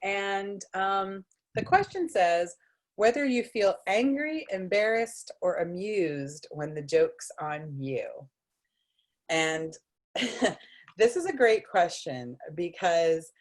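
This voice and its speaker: A woman hosting a casual chat, telling a story with lively, acted-out quotes and many "like"s, over a video call. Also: medium pitch, slow. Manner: animated, acts out quotes with lots of "like". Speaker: host.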